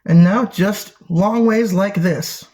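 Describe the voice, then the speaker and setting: A man's voice: sits high, slow pace, a little mellow. A man hosting a casual cooking demonstration, chatty and playful, with silly sound effects and jokey asides. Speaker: cooking show host.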